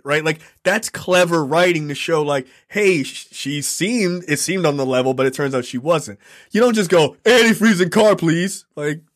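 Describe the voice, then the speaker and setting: A man co-hosting a casual film review podcast, blunt and profane, laughing at the script. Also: fairly high pitch. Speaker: podcast co-host.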